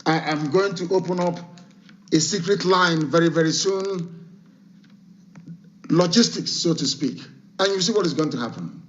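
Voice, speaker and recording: A man delivers an impassioned live address in a somewhat high voice, issuing commands and hammering them home through repetition. His voice is still worn from a recent illness. The sound is dull and lo-fi, like a broadcast feed. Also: normal speed, long pauses, a bit bright. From Nigeria. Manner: commanding, repeats orders with emphasis. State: voice not fully recovered from illness.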